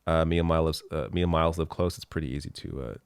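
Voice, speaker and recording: A man's voice: extremely low pitch, fairly even intonation, fast, clear, resonant tone, no room sound, studio quality. A man hosting a casual chat, reading out viewer comments in a laid-back, chuckling, self-deprecating way. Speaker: host.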